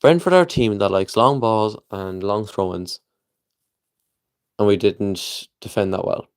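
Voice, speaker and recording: A young Scouse man with a smooth, fairly low voice rants to camera about his football club. He is blunt and frustrated and swears freely, in a casual vlog style. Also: a little slow. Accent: Liverpool. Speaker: football fan vlogger. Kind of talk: opinionated casual rant to camera.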